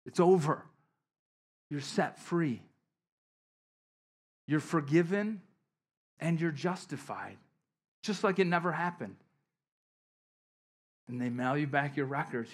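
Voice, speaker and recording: Conversational preacher with emphatic bursts. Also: male voice, on the high side, animated, slow, long pauses. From western New York. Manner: conversational storytelling preacher, swings from soft asides to emphatic bursts. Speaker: pastor. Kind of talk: sermon.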